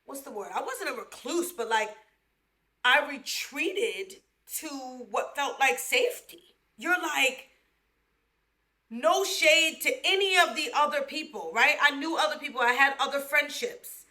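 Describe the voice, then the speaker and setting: A woman's voice: high-pitched, a little slow, pushed and bright. A young woman from the Bronx, hosting a podcast and candidly telling her own life story, emotional and slangy, addressing listeners as y'all. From the Bronx, New York. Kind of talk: personal storytelling monologue.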